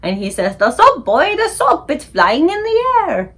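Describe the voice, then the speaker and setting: A woman voicing an excitable, startled father who shouts in a loud, squeaky way. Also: moderate pace.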